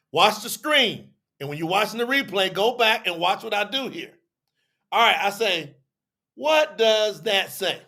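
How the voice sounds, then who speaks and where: High, bright-voiced man teaching. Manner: conversational, acts out both sides of an argument; repetitive, drawn-out explaining. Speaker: teacher on a religious telethon. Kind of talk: animated teaching to a live audience.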